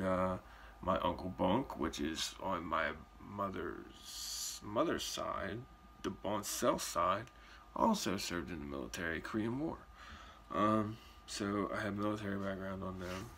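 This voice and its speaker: A man in his forties talking casually in a response video, animated and chatty with drawn-out emphasis. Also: mid-range voice, slight background noise. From Puerto Rican heritage. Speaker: vlogger. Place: indoors at home.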